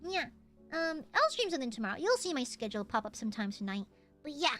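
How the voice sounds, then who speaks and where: A woman's voice: sits high, very animated, quick pace, a bit bright, soft background music. A young woman streamer chatting casually with her viewers, playful and chatty, often breaking into giggles and squeals. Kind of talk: casual chat with a live stream chat.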